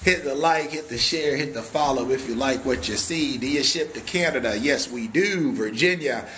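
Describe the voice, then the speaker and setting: Hyped showman cabin salesman, bright voice. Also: mid-range voice, normal speed, slight background noise. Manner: hyped, catchphrase-heavy showman; whooping and drawling "baby" asides. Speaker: cabin salesman and livestream host. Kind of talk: live walkthrough sales stream.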